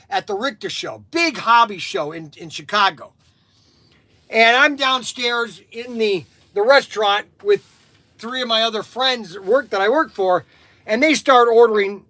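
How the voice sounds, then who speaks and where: A man's voice: high-pitched, bright, forceful tone, dry recording. A man hosting a store livestream, telling casual stories in a rambling way, repeating himself and laughing at his own tales. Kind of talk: casual storytelling.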